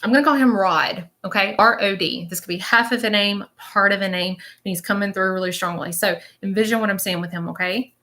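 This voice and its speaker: A woman's voice: mid-range voice, a little fast, hardly any pauses, sharp tone. A woman leading a live-stream reading as a spiritual medium, chatty and reassuring, often checking in with her viewers.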